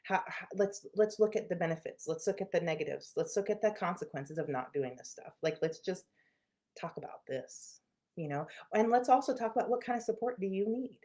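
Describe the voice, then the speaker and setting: A middle-aged woman, a therapist, talking casually to camera and telling a story with lots of laughter, swinging between loud and quiet. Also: lowish voice, expressive, a little fast. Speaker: therapist and channel host.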